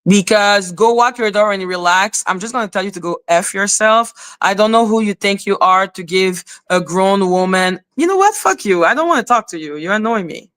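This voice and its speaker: A woman's voice: medium pitch, normal speed, hardly any pauses, fairly bright tone. A woman hosting a live stream, talking to her chat in a confrontational, scolding way. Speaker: livestream host.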